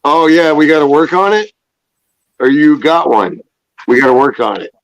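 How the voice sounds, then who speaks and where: A man's voice: on the high side, animated, normal speed, no room sound. A man hosting a casual live-stream chat over a video call, joking and laughing often. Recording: dull lo-fi stream audio.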